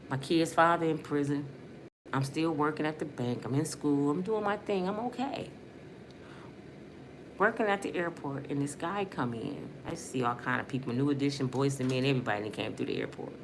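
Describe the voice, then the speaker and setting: A woman's voice: sits low, moderate pace, noisy background. A middle-aged woman from Michigan, earnestly telling her life story as a personal testimony in casual, emotional talk. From Michigan, USA.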